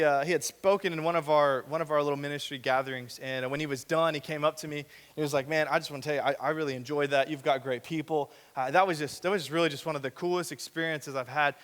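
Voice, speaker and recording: A young male preacher with a bright, forceful, slightly high voice, talking to his congregation in a loose, conversational way. He keeps asking rhetorical questions and acts out little bits of everyday speech. A long reverb from the large hall trails after every phrase. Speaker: young adult ministry director. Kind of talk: sermon to a young adult group. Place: church hall.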